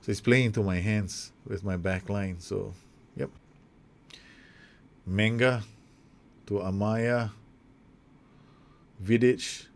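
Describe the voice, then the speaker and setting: A young man casually commentating his own football management game, chatty and excitable, with self-corrections and asides. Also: on the low side, slow pace, long pauses. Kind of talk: casual let's-play commentary.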